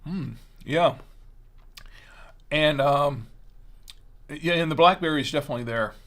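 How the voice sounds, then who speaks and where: A middle-aged man hosting a wine tasting show, chatting casually and haltingly, sometimes talking while chewing. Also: on the high side, a bit bright.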